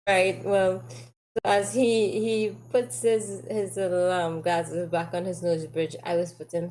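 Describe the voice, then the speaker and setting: A woman's voice: lowish voice, little pitch movement, a little slow, darkish tone, low-quality recording. A woman playing her character in a tabletop game, chatty and hesitant with frequent fillers. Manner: chatty, hesitant, laughs often. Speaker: player.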